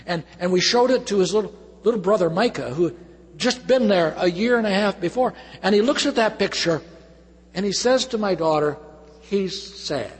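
Husky-voiced pastor in a reverberant hall. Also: male voice, sits high, animated, fairly quick. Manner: emotional, swings between loud emphasis and soft hush. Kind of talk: sermon.

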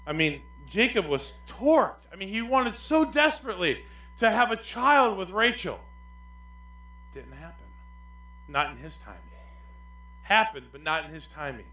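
Animated preaching pastor, man, in echoey church. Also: high voice, normal speed, long pauses. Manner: animated, swings between loud emphasis and quiet asides. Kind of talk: sermon.

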